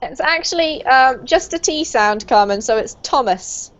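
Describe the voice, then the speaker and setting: A woman with a British accent teaching English pronunciation in an online group lesson, clear, patient and encouraging. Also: high voice, animated, normal speed. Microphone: video call. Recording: lo-fi online call audio.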